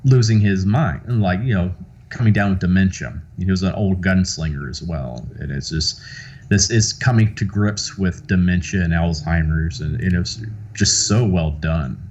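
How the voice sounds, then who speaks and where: A man's voice: low-pitched, normal speed, a little mellow, lo-fi sound, slight background noise. A man from the American South with a light Southern accent, a guest actor chatting casually in an interview, rambling with lots of fillers and restarts.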